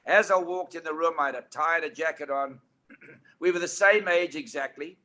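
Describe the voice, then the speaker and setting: An older man with a South African accent, a guest telling stories on a talk panel in an animated, emphatic way. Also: a little high, normal speed. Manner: animated anecdotes, emphatic and preachy.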